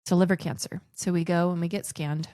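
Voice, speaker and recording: A woman's voice: lowish voice, fairly even intonation, brisk, mellow, no echo. A woman in her forties, raised in the Philippines, telling personal stories as a podcast guest in a chatty way, often restarting her sentences. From grew up in the Philippines. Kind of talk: casual conversational storytelling.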